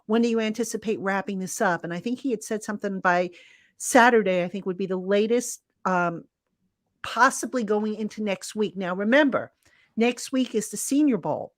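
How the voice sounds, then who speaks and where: A woman sports reporter chats in an easy, explanatory way on a live online call. Her pitch sits in the middle, and the sound is dry and close. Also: moderate pace, no echo. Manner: conversational, explains for listeners. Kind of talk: casual sports chat.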